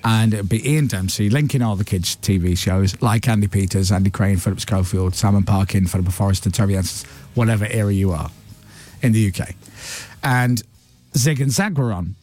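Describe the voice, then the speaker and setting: A man's voice: on the low side, soft background music. Chatty man hosting a radio show. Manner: chatty storyteller, quick and animated. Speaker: radio breakfast show host. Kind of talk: casual studio chat. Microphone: studio microphone.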